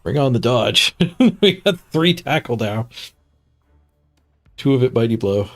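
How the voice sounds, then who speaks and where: Faint music sits under this casual gameplay commentary from a man who mutters to himself, reads out stats and chuckles at them, sounding a bit congested. He speaks at medium pitch and a measured pace with lively intonation.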